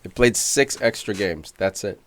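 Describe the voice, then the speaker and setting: A man co-hosting a casual soccer podcast, arguing his points emphatically and quick to agree or push back. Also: lowish voice, animated, fairly bright tone. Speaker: podcast co-host. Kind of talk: casual sports chat.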